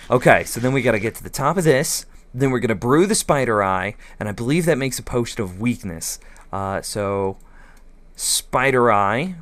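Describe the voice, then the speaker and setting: A young man hosting a game commentary, bubbly and gushing, swinging from excited squeals to quiet mumbles. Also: medium pitch, dry recording. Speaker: gaming video host. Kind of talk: excited Minecraft let's play commentary.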